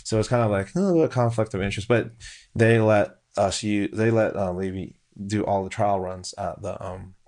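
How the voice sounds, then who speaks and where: Animated man telling a story. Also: on the low side, a little fast. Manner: animated, acts out quotes in a raised voice; frequent restarts and fillers. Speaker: food truck owner, guest. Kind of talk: casual storytelling.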